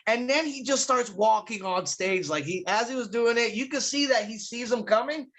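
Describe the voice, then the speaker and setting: A man's voice: extremely high pitch, normal speed, a bit bright. A man, a guest comedian, chatting casually on a podcast and telling loose, profane stories full of fillers.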